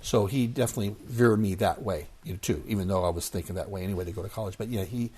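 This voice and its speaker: Husky-voiced man in his sixties. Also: on the low side, fast. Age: 60s. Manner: animated storyteller who acts out quoted voices. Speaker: guest, former baseball player. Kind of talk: casual storytelling interview.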